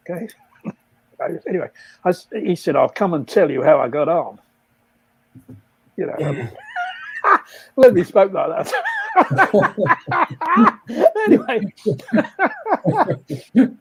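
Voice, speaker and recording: A man's voice: sits high, big pitch swings, slow pace, pauses often, background noise. An older man casually telling rambling stories, laughing often at his own jokes. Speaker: guest storyteller.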